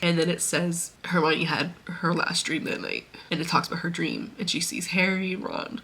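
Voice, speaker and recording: Casually recounting a story she read, a young book vlogger rambles with many fillers and turns emotional, tearful, laughing and sighing. She speaks at a moderate pace in a lowish, bright, forceful voice with fairly even intonation and a slightly rough quality.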